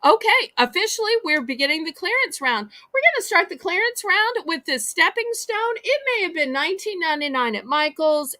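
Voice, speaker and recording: High, lively woman auctioneer. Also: no room sound, studio quality. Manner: chatty, folksy, drawn-out sales patter. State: losing her voice. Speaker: live online auction host. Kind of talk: live-stream selling chat.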